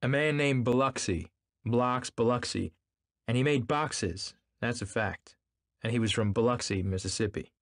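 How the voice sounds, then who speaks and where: A man's voice: mid-range voice, moderate pace, dry recording, clean studio sound, voice pushed up, lightly acted. A man voicing an impatient, domineering wealthy man who speaks curtly and sharply. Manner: curt and sharp.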